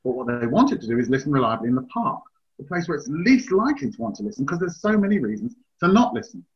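A man's voice: fairly high pitch, very animated, quick pace. A man hosting a casual chat, a dog trainer who explains his advice at length in a chatty way. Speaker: dog trainer, podcast host. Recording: slightly dull, lo-fi sound.

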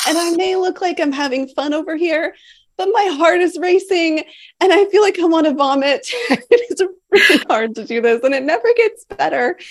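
A woman in her thirties coaches an online group in casual talk, candid and giggly. Her voice sits a little high, and she speaks in a rush of feeling. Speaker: sex coach leading a group program.

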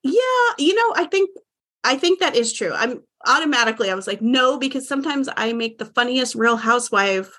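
Woman podcast guest, animated rambler, fillers galore, voice a touch high. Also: a little fast. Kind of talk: casual chat.

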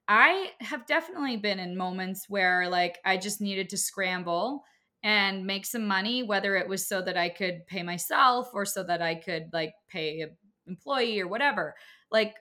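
Her voice sits at a medium pitch with a sharp edge as she talks emphatically on a relaxed podcast. This thirtysomething business owner and course creator is chatty, leaning heavily on "like" and similar fillers.

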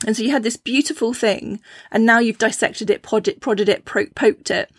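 A woman hosting a casual talk on intuition, chatty, with lively quoted voices and frequent restarts. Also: fairly high pitch, normal speed, breathy edge, no echo, clean studio sound. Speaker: podcast host.

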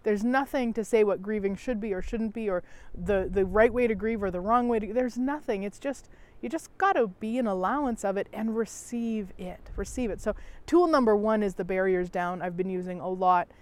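A middle-aged woman talks in a gentle, unhurried way, circling back to the same phrases. Her pitch sits in an ordinary middle range, and now and then a soft sigh slips between her thoughts. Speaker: self-help host. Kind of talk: reflective personal talk.

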